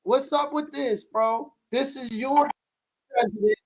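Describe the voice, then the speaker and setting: A man hosting a live-stream reaction, mocking what he watches with loud outbursts and laughs. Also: extremely high pitch, unhurried.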